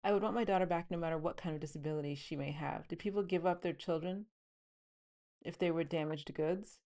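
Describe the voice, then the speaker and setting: A woman with a low voice reads from her own book in an even narrating tone. Between passages she talks loosely with the listener, using fillers and quick asides. The pitch sits deep for a woman throughout. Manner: reads the scene plainly, then breaks into chatty asides. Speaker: author reading and commenting on her novel. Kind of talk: book reading with commentary.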